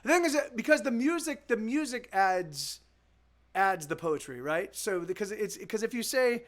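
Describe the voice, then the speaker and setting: Rambling high-voiced man chatting on stream. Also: animated, normal speed. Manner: rambling, with many restarts and repeated words; profane, laid-back. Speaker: musician live-streaming. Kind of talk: casual chat.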